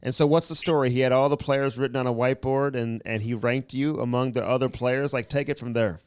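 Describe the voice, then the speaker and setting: Male host, excitable, exclamatory, dry studio sound. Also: mid-range voice, brisk, clean tone, no room sound. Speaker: podcast host. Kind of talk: casual podcast interview.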